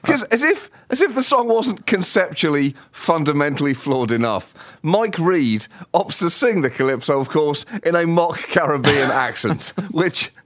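A man's voice: a little high, expressive, moderate pace, fairly bright tone, dry recording. Ironic man, dry mic. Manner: arch, ironic, theatrical outrage. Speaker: co-host. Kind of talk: satirical comedy chat.

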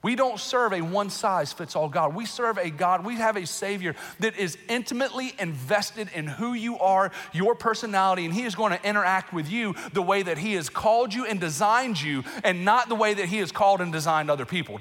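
Male pastor, high and bright voice, impassioned preaching in a reverberant hall. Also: fairly quick, hardly any pauses. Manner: emotional, animated preaching with laughs and outbursts. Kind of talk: sermon. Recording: long reverb in a large hall.

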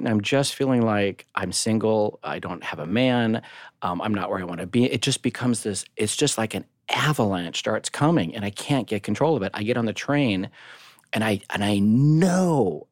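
A man co-hosting a podcast, telling a personal story in an animated, casual way, jumping high in pitch when he acts out what people said and swearing freely. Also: no room sound, clean studio sound. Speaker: podcast co-host.

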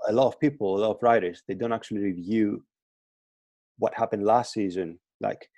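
Low, mellow man on a remote call. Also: fairly even intonation, fairly quick, dry recording. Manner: hesitant, many restarts and repeated words. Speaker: guest fitness coach. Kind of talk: casual podcast interview. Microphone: remote call, line breaking up.

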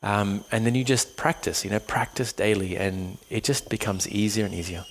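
A man who teaches meditation, talking in a casual podcast chat, animated and storytelling, casually swearing and acting out the people he quotes. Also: on the low side, moderate pace, slight background noise. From Australia.

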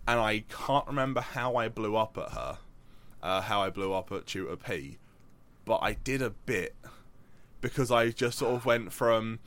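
A young man co-hosting a podcast in relaxed, casual chat. He rambles from tangent to tangent, stacking up fillers and false starts as he tells his stories. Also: on the low side, moderate pace. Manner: rambling, tangent-prone, with many fillers and restarts. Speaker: podcast co-host.

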